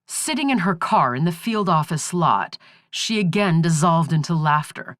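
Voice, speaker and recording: A woman narrating an audiobook thriller in a measured, expressive reading. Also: fairly low pitch, no room sound, clean studio sound. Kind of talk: scripted narration.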